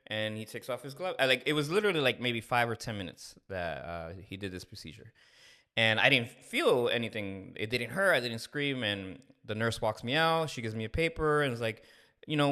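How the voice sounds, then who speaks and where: This casual storytelling comes from a podcast co-host in his thirties who recounts something personal with candor and energy, voicing the dialogue himself. He has a mid-range voice and talks fairly quickly.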